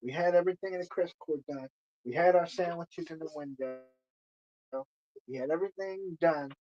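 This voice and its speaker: A man with a somewhat high voice tells a long story in a loose, rambling way. He circles back, repeats phrases and fills gaps with "you know". The audio is dull and lo-fi. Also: moderate pace, a little mellow. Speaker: streamer. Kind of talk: casual storytelling.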